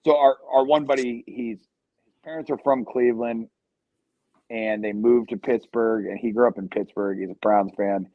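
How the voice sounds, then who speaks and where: A man's voice: medium pitch, fairly even intonation, moderate pace, no room sound, phone-quality sound. A man in his thirties from Ohio, talking as a podcast guest in a rambling, profane, joking way. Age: 30s. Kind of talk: casual podcast chat.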